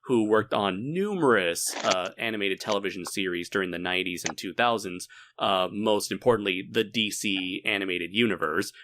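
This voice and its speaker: A man in a casual group chat, speaking in a measured, diplomatic way. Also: sits low, bright, forceful tone. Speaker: guest discussing animation. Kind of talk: casual discussion.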